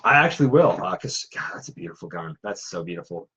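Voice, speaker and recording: A man's voice: low voice, lively intonation, quick pace, pushed and bright, husky, rough recording. A man who makes props and cosplays, chatting casually and in a self-deprecating way. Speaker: cosplayer and prop maker. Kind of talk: casual chat.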